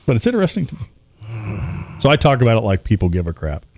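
A man's voice: mid-range voice, wildly swooping pitch, quick pace, darkish tone, no room sound. A man, a radio DJ chatting casually as a podcast guest, rambling and poking fun at himself. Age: 40s. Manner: rambling, self-mocking, chuckles often.

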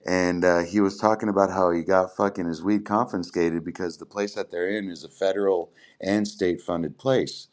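Low-pitched male podcast host, swearing storyteller in loose casual chat. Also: moderate pace, hardly any pauses. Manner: profane, rambling, animated storyteller.

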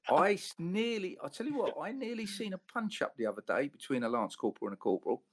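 A man, a former police officer, chatting casually and haltingly with many restarts. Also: high voice, big pitch swings, slight background noise. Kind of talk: casual chat.

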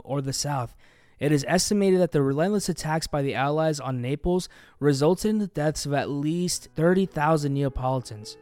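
A man co-hosting a book podcast, reading a prepared historical background segment in a measured, explanatory way. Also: a little high, darkish tone. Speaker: podcast co-host.

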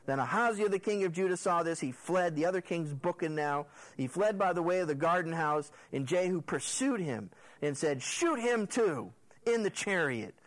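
Male pastor, sermon, lively storytelling, acts out characters, slightly high voice. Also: moderate pace, poor audio. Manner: animated storyteller who acts out the characters' lines. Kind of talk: sermon, retelling scripture.

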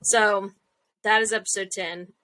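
Bright, lively woman recapping a show. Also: mid-range voice, measured pace. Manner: animated retelling, acting out character lines. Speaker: podcast co-host. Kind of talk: casual episode recap.

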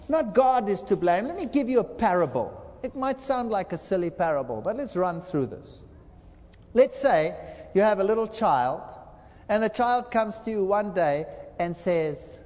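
Animated high-voiced male preacher. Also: measured pace, big-room sound. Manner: dramatic storytelling with acted-out quotes. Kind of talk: sermon lecture.

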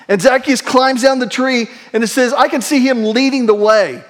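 High-voiced pastor preaching a sermon. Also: male voice. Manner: shifts between quick asides and slow, hushed emphasis; leads the congregation in call-and-response.

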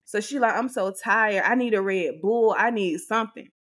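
A woman co-hosting a podcast, telling an animated, exasperated story and acting out what others said. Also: mid-range voice, moderate pace. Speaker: podcast co-host. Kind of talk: casual storytelling to a co-host.

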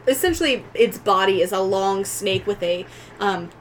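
A woman narrating as game master, describing scenes slowly and deliberately and often laughing. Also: medium pitch, slight background noise, low-quality recording.

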